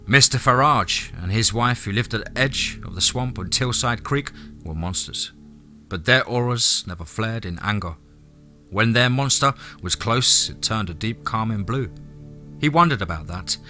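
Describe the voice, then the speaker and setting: A man's voice: lowish voice, bright, forceful tone. A man reading an audiobook as narrator, telling the story steadily. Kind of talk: scripted narration.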